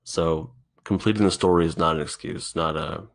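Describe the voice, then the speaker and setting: A man hosting a solo podcast, thinking out loud in a halting, rambling way, swearing often, recorded in an indoor room. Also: a bass voice, fairly even intonation, creaky. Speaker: podcast host.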